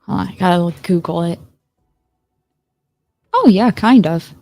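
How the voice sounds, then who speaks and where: A woman's voice: fairly low pitch, expressive, measured pace, a little mellow, no room sound. A woman in a casual livestream chat, rambling and searching for names, laughing often. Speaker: streamer.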